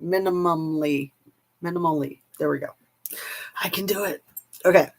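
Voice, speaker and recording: A woman's voice: on the low side, moderate pace, creaky, breathy edge. A woman commentator chatting casually to her camera, with scornful asides. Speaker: YouTube commentator.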